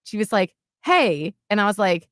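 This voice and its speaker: A woman's voice: medium pitch, big pitch swings, normal speed, dry recording, studio quality. A woman in her late thirties, co-hosting a podcast and telling a personal story in an earnest, heartfelt way, with many "like"s and restarts. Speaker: podcast co-host. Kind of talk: casual storytelling chat.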